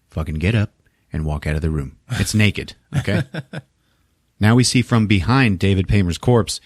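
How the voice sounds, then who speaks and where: A man's voice: low voice, no room sound. A man hosting a podcast who retells a film in a casual, profane, laughing way, on a close studio mic. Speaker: podcast host.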